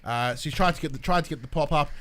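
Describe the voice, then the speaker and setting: A man co-hosting a podcast, recapping wrestling in a rambling, self-correcting, excitable way. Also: a little high, fast talker. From Australia. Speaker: podcast co-host. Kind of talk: casual chat recapping wrestling.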